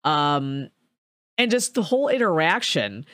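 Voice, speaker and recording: A woman's voice: sits low, unhurried, no room sound, clean studio sound. Casual profane woman recapping a film. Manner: profane, filler-heavy storytelling with animated quoted voices. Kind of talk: casual movie recap chat.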